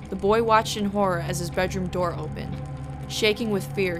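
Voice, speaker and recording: A woman co-hosting a podcast, reading a scary campfire story aloud with slow, drawn-out spooky delivery. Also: on the low side. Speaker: podcast co-host.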